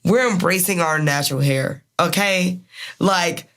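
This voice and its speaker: Woman with a Maryland accent, twenties, podcast co-host, candid, swears freely, lively storyteller. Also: lowish voice, unhurried. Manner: candid, profane, animated storytelling. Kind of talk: casual podcast chat.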